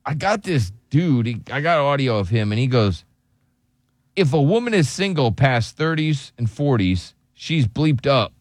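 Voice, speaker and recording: A man's voice: mid-range voice, sing-song, a little slow, dry recording, clean studio sound. A man hosting a morning radio show, teasing his co-hosts and laughing often in casual banter.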